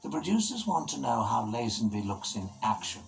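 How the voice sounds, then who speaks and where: A man giving scripted documentary narration in a measured, formal way. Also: medium pitch, big pitch swings, vocal fry, poor audio. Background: music.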